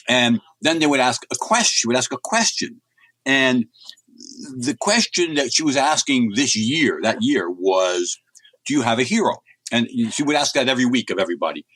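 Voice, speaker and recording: A man's voice: mid-range voice, a bit bright, no echo. A middle-aged man from the United States, a comics writer telling rambling anecdotes as an interview guest. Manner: chatty, rambling anecdotes with many restarts. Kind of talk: casual storytelling in an interview.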